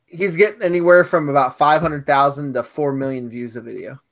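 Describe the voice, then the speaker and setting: A man's voice: fairly high pitch, brisk, gravelly. A man chatting eagerly in a casual conversation. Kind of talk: casual chat.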